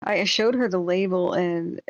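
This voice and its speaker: Using a home streaming setup, a woman who tracks wildfires chats casually on her live stream in a fairly low, unhurried voice that sounds slightly sore. She speaks emphatically, repeating words at the start of sentences. The audio has no room sound and its highs are cut off.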